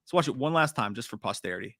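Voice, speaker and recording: A man's voice: mid-range voice, lively intonation, very fast, a bit bright, a little hiss or hum. A man hosting a live trailer breakdown, rambling casually, swearing freely and reading out chat comments. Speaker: live-stream host.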